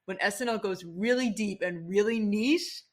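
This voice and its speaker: A woman's voice: medium pitch, moderate pace. Gushing, rambling woman on a podcast. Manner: gushing, rambling, restarts often. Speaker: podcast guest. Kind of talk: casual podcast chat.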